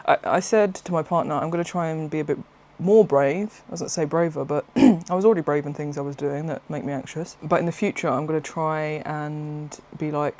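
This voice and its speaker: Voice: medium pitch, a little fast, few pauses. A craft vlogger, talking in a casual, rambling way and often laughing and breaking off mid-thought. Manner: rambling, excitable, self-interrupting, laughs often. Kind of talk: casual chatty vlog.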